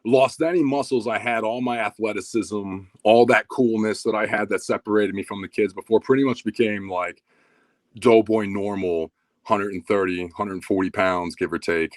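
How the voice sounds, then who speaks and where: A man's voice: normal speed, dry recording. A man in his thirties, a podcast guest, telling a story in casual chat with lots of swearing. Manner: animated, profane storytelling that gets louder and higher when excited.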